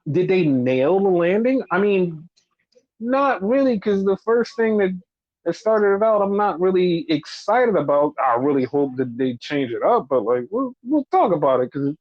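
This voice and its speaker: Profane high-voiced man ranting, lo-fi. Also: animated, normal speed, no room sound. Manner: profane, exasperated ranting with mocking quoted voices. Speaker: podcast host. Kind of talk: casual wrestling podcast rant. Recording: dull lo-fi dry sound.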